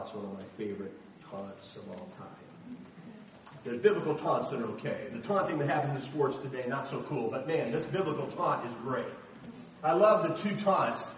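A man preaching a sermon, dramatically reading scripture and then talking in a chatty, animated way. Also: medium pitch, moderate pace. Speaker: pastor. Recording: echoey hall, distant mic.

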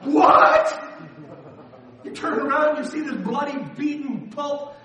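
A man preaching a sermon in a church, emphatic and animated, breaking into sudden shouts. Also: extremely high pitch, moderate pace. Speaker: pastor. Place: church sanctuary. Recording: roomy echo, voice heard from a distance.

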